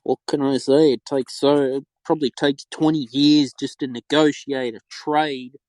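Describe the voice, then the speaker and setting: A man's voice: mid-range voice, fairly even intonation, normal speed, a little mellow, no room sound, poor audio. Australian man, podcast host, frustrated rant, repeats himself, dry close sound. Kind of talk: solo opinion talk.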